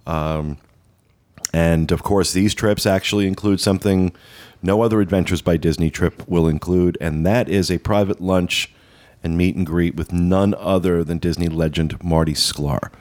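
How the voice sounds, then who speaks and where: Male podcast host, very low voice, casual rambling promo chat. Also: steady tone, normal speed, a little mellow. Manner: rambling, many uh fillers, upbeat promo talk.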